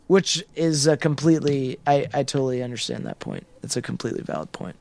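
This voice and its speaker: A man co-hosting a film podcast, talking in a rambling, halting way with frequent restarts as he searches for words. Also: medium pitch, sing-song, creaky, a little mellow. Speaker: podcast co-host. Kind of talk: casual film discussion.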